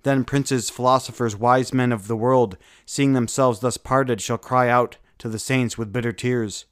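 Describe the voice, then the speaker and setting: A man giving a solemn, measured devotional reading of saints' lives, with a few small slips. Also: mid-range voice, fairly even intonation, no room sound, studio quality.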